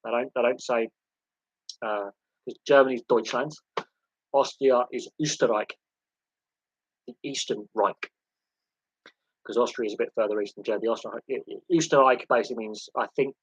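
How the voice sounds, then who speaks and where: A man's voice: fairly low pitch, fairly bright tone, slightly rough, no room sound, poor audio. A man hosting a casual live sports hangout, rambling with many fillers and restarts. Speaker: livestream host.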